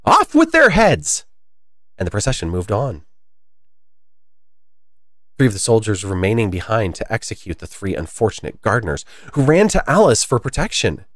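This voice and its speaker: A man reading a classic children's story aloud in a lively, expressive way. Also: on the low side, normal speed, no echo, clean studio sound.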